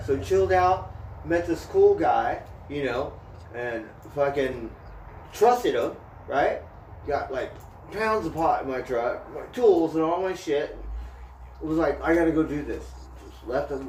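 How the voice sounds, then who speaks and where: A man's voice: fairly high pitch, a little mellow, far from the mic. A man telling a profane road story in casual chat. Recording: echoey room, voice from off mic, faint noise.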